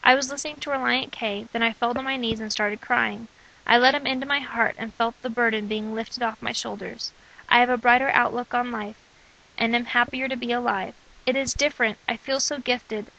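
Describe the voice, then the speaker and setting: A young woman reads her personal diary entries aloud in a steady, earnest voice. Her tone is bright and forceful, sitting a little high for a woman. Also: brisk, creaky, dull audio. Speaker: narrator of own testimony.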